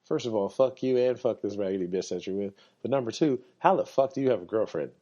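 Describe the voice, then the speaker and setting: A podcast host with a lowish, mellow, expressive voice talks quickly through rambling, profane stories in a casual monologue, laughing often. He's under the weather and keeps coughing. The recording is dull and lo-fi.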